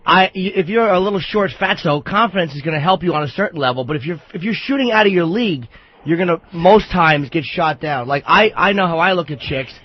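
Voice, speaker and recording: A man's voice: on the high side, animated, fairly quick. A man co-hosting a call-in radio show, speaking bluntly and matter-of-factly. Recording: dull lo-fi radio audio.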